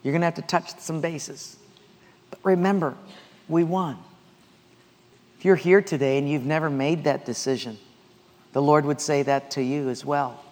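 Guy preaching a sermon, pretty high voice, tosses questions at the crowd, echoey hall. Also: steady tone, normal speed, pauses often, darkish tone. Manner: storytelling with call-and-response questions. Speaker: pastor.

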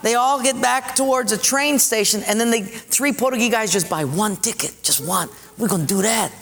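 A man's voice: very high voice, pushed and bright, big-room sound, a little hiss or hum. A man preaching a sermon, telling a story animatedly and acting out the voices.

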